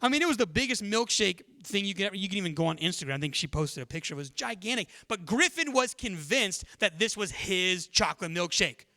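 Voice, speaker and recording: A man from Texas preaches in a high, bright and forceful voice. He tells stories to his church in a lively, conversational way. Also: quick pace, hardly any pauses. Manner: storytelling, conversational and energetic. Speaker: pastor. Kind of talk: sermon.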